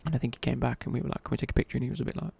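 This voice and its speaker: Young guy, whispered ASMR chat, raspy breathy whisper, loose and chatty. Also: mid-range voice, fairly even intonation, rapid-fire, a little mellow. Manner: rambling, casual, many fillers and restarts. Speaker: ASMR creator.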